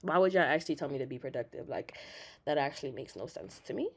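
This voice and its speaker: A woman's voice: low voice, quick pace, a little hiss or hum. Giggly, nervous young woman streaming. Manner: excitable, laughs often, swears freely; swings between loud outbursts and quiet murmurs. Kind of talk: casual live-stream chat.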